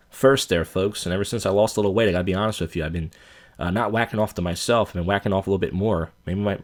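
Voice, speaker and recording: Low-voiced guy ranting on his podcast, swearing a lot, gets loud and animated. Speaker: podcast host. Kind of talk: casual ranting monologue.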